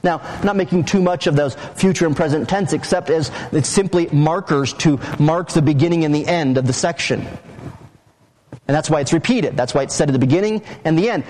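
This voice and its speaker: Man preacher, slightly higher voice, emphatic teaching sermon, slows to stress key words. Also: a little mellow, poor audio. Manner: emphatic, teacherly, with slow stressed phrases and quick asides. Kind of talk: expository sermon.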